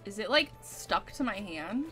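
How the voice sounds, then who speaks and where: A woman's voice: mid-range voice, animated, a little slow, music in the background. A woman playing in a tabletop role-playing game, playful and giggly as she talks through her character's moves. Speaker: player.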